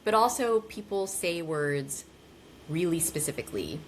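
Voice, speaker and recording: Low, animated American woman on a podcast. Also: a little slow, slight background noise. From United States. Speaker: guest. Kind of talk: casual podcast conversation.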